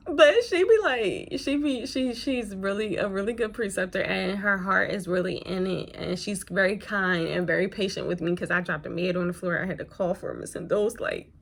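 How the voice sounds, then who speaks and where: A woman's voice: mid-range voice, normal speed, creaky, few pauses. A woman who works as a nurse, chatting casually and rambling through a story while she does her makeup. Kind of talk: casual get-ready-with-me chat.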